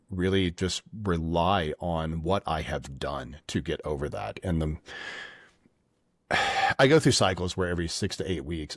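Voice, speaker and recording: A man's voice: low-pitched, no echo, studio quality. A man from Louisiana, a podcast guest, talking candidly and reflectively in a casual conversation. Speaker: guest, field CTO.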